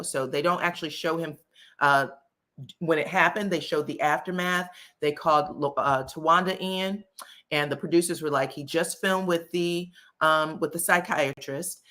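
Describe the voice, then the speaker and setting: Woman, channel host, low pitch, forceful bright tone, casual commentary, chatty with fillers. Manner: chatty, frequent um fillers, addresses viewers directly. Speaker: host of a celebrity gossip channel.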